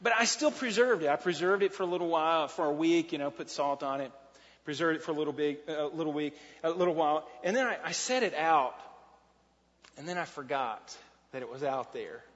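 High-voiced preacher in an echoing hall. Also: male voice, a little fast, fairly bright tone. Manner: folksy, conversational preaching with asides and restarts. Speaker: pastor. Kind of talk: sermon. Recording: dull, lo-fi sound with long hall reverb.

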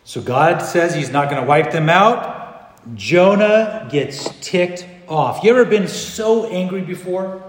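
A man preaching a sermon as pastor, animated, swinging between loud bursts and hushed passages. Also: high-pitched, takes it slowly. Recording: echoey hall.

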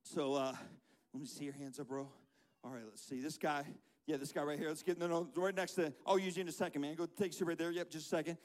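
A man leading a lively children's church sermon in a church, joking around and getting the room to repeat phrases back to him. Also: a little high, fast talker. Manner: playful, jokey, leads call-and-response. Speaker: children's pastor. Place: church sanctuary.

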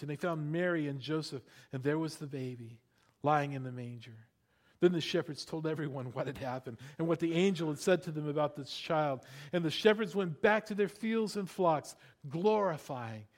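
A middle-aged male pastor preaching a sermon, animated, with playful asides and rhetorical questions to the congregation. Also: a little high, normal speed.

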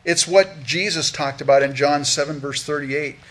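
A man's voice: fairly high pitch, moderate pace, a bit bright. A man preaching as a pastor, earnestly teaching through a Bible passage verse by verse, often repeating words as he restarts a thought.

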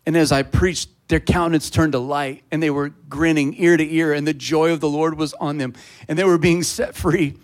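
A man preaching a sermon, telling a personal story in a casual, conversational way that builds to loud, fervent preaching. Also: on the high side, steady tone, normal speed. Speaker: pastor.

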